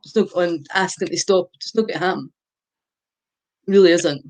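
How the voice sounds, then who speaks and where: A woman's voice: on the low side, normal speed, darkish tone. An older woman, a guest expert, giving parenting advice in a podcast chat, stressing her points and checking in with "right?". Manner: emphatic, repeats points with a tag question.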